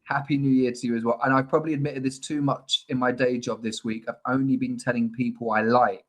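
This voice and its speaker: Young guy cohosting a footy podcast, easygoing and rambly, normal pitch. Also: flat delivery, brisk, poor audio. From Ireland or UK. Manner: affable, rambling, joking. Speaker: podcast co-host. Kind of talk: casual chat.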